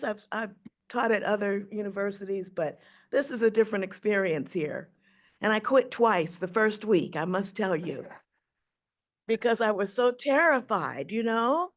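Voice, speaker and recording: A woman in her sixties, a jazz singer and teacher, telling a personal story in a speech, acting out the voices. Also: mid-range voice.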